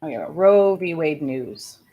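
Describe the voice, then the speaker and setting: A woman's voice: low voice, expressive, slow pace, dull audio. A woman from Canada chatting casually on a livestream, candid and ranting, speaking her mind. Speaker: streamer.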